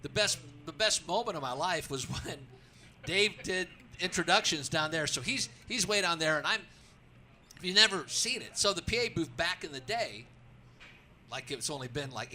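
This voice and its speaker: Radio guest: male track announcer, punchy bright voice, excitable storyteller, slightly high. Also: a little hiss or hum. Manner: excitable, acts out his own calls, many restarts. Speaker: racetrack announcer, show guest. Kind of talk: animated storytelling in a radio interview.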